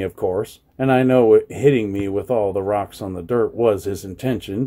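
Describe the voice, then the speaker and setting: A man ranting in a personal vlog, agitated and swearing often, at times raising his voice to a shout. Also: on the low side, normal speed. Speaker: vlogger. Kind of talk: angry personal vlog rant.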